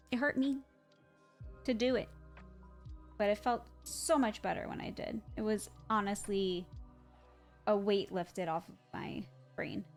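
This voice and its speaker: A woman streaming from home, chatting casually with her chat in a slightly high voice. She is blunt and swears freely, often laughing mid-story. Faint music plays softly behind her desk mic. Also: creaky. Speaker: live streamer.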